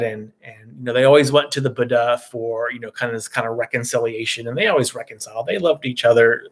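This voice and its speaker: A man who teaches meditation, retelling a story in a casual dharma talk with a loose, relaxed manner and many "you know" asides. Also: medium pitch.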